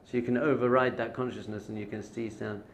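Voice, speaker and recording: A man's voice: medium pitch, fairly even intonation, fast, creaky, slight background noise. A male rabbi gives an informal spiritual lesson in a mid-range voice. He speaks conversationally and repeats phrases for emphasis. Hebrew terms come up naturally in his talk. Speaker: rabbi teaching.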